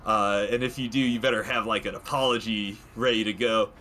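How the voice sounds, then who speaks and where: A man's voice: lowish voice, fairly even intonation, brisk, sharp tone, a little hiss or hum. A man voicing an indignant young village woman scolding the player in a video game retelling.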